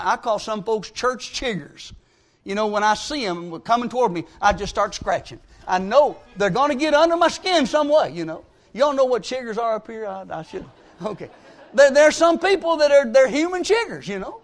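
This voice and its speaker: A man preaching a sermon, telling folksy stories and swinging between emphatic rises and quiet drops. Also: very high voice, expressive, moderate pace.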